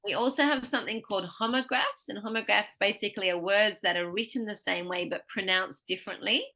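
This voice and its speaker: A woman speech pathologist giving a patient one-on-one pronunciation lesson, explaining slowly with examples. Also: medium pitch, pushed and bright.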